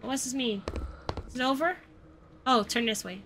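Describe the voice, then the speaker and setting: A young adult woman streaming a game live, reacting with excited exclamations and chatting to her viewers. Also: fairly high pitch, moderate pace, a little hiss or hum. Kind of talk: live gameplay commentary.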